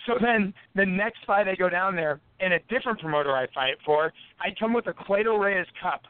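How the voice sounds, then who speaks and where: A man's voice: high voice, fairly quick, clear, resonant tone, no room sound. A man telling his stories as a podcast guest, a boxer from the United States, swearing constantly and laughing between anecdotes. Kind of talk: casual storytelling on a podcast. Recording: tinny phone-like line, dry.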